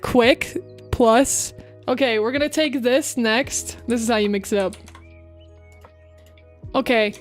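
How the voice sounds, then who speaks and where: A young woman streaming casually, giggling as she chats and reads voice acting drills with exaggerated pacing and emphasis. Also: on the high side. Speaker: VTuber streamer. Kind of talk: casual livestream chat about voice acting drills.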